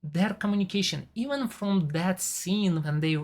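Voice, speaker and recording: A woman's voice: lowish voice, moderate pace, a little mellow. A woman in her forties with a non-native English accent, chatting casually and enthusiastically about a TV show she reviews. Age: 40s. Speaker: TV and movie reviewer. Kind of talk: casual chat.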